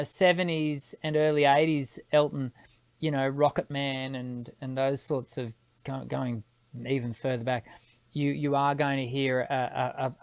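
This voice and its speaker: A woman with a very deep, slightly mellow voice hosts a live-stream singing Q&A, answering viewer questions. She thinks aloud while explaining vocal technique in technical terms, and there's no room sound in the recording.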